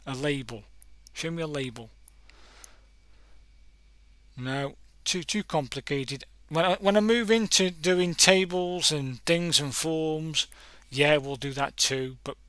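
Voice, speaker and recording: A man runs a casual screen-recorded coding lesson, rambling and self-correcting as he browses examples. His voice is bright and forward. The recording is dry, with no room sound. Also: medium pitch, no room sound. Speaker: coding tutorial host.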